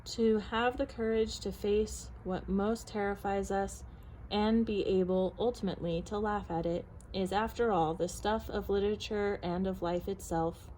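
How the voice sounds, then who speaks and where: Storyteller, woman, reads a picture book aloud with measured expression. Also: mid-range voice, fairly even intonation, dark tone, a little hiss or hum, low-quality recording.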